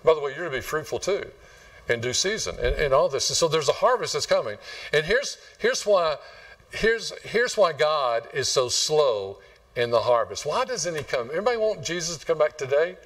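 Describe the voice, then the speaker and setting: A man's voice: on the high side, very animated, moderate pace, a bit bright, far from the mic. A man from West Texas, preaching a folksy, rambling sermon and quizzing his congregation. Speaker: pastor. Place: church sanctuary.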